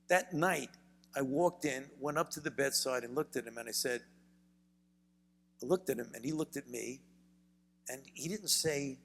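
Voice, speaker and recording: An older man with a Brooklyn accent, a physician telling stories in a measured way during an onstage interview. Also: mid-range voice, gravelly, fairly bright tone, big-room sound. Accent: Brooklyn, New York. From United States. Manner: measured storytelling, frequent repeated words. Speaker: physician and author, interview guest. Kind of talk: onstage conversation. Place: university event hall.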